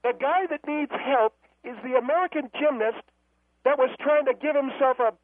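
A man voicing a haughty, combative older woman caller who mocks everyone in a cracking falsetto, heard over a phone line. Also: normal speed, no echo. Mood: snippy. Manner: snippy, mocking, combative. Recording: dry tinny phone line.

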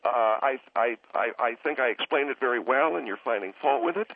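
A man calling in to a radio show, talking down to the host and interrupting him again and again to calm him. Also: mid-range voice, a little fast. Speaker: caller. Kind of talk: radio call-in argument. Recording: tinny phone line.

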